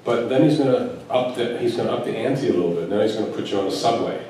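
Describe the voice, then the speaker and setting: A man's voice: lowish voice, fast talker, dark tone, slight background noise. A man giving a spiritual talk to a live gathering, telling a story with musing asides and chuckles. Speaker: Sufi teacher. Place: large hall at a spiritual retreat. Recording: echoey hall recorded from a distance.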